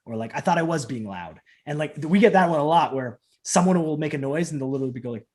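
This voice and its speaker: A man in his thirties talks from home over a video call, a wrestler and trainer telling stories. His voice sits a touch high and keeps leaping into sudden high, loud bursts when he acts out other people's lines. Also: fast, hardly any pauses. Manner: animated storyteller acting out quotes with big pitch jumps. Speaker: professional wrestler and trainer, guest. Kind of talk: casual interview chat.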